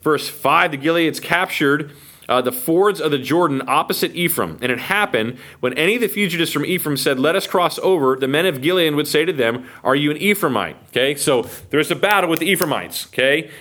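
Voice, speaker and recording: A man's voice: a little high, brisk. A man with an American accent teaching the Bible verse by verse, acting out the quotes and checking in with listeners. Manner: animated, acts out quotes, asks listeners okay.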